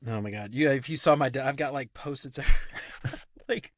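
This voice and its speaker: A man hosting a podcast, chatty and upbeat, stammering into quick restarts. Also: mid-range voice, no room sound, studio quality. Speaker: podcast host. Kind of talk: casual conversational interview.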